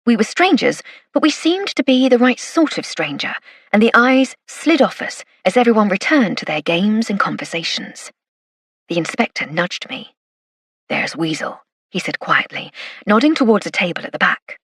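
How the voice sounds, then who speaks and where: A woman narrating a first-person mystery audiobook in a wry, measured way. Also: medium pitch, big pitch swings, a bit bright, slightly rough, no room sound, clean studio sound.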